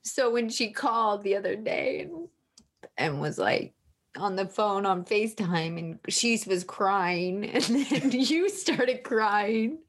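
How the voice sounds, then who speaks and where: A woman's voice: mid-range voice, expressive, takes it slowly. A woman author, a guest on a podcast, talking openly and candidly about her feelings. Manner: open and emotionally candid. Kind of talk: candid interview talk.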